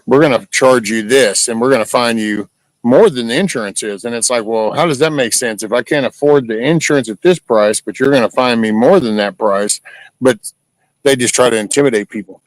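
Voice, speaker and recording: A man's voice: medium pitch, brisk, dry recording, poor audio. A man who talks over topics in a casual chat and makes his points with rhetorical questions. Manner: opinionated, asks rhetorical questions.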